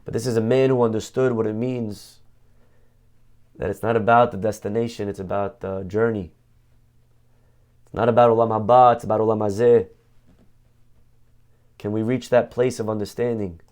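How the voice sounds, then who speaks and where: A man, a rabbi, teaching a Torah class through a story. He tells it dramatically, slowing down and lifting his voice at the emotional peaks. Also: lowish voice, fairly even intonation, a little mellow.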